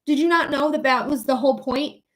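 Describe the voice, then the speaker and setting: A woman hosting a psychic livestream thanks viewers and then rants angrily, swearing freely as she addresses them directly in casual chat. Her voice is high-pitched and fairly bright, and she speaks a little fast.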